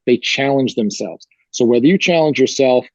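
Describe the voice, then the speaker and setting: A man's voice: medium pitch, expressive, normal speed, darkish tone, no echo, highs cut off. A male fitness coach explaining his training approach in an interview, talking energetically with plain, repeated phrases. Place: gym.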